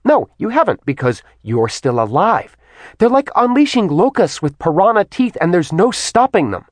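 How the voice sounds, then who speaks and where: A haughty goddess mother snaps back in a sharp, dismissive voice, lifted high above a man's speaking pitch, as a male narrator voices her. The sound is dry and close-miked. She stays cold and imperious through this storybook reading. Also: wildly swooping pitch, fairly quick, dry recording. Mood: scornful. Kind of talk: audiobook character voice.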